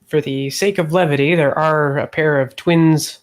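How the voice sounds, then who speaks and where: A man's voice: on the high side, steady tone, normal speed. A man running a tabletop game as game master, narrating with many hesitations and easy laughs.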